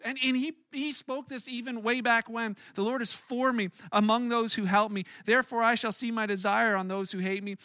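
A pastor gives a sermon in an earnest, conversational way, often stumbling and restarting mid-thought. His voice sits high for a man and sounds bright. The recording is dry, with little room sound. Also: dry recording.

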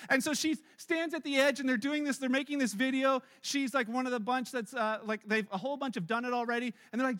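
High bright-voiced male pastor preaching. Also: quick pace. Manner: storytelling, animated, acts out quotes with rising loudness. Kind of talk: sermon.

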